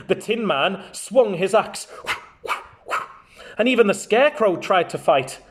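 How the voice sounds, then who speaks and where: A man, a primary school teacher, reading a children's storybook aloud with animated, chatty asides to the children. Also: high voice, unhurried.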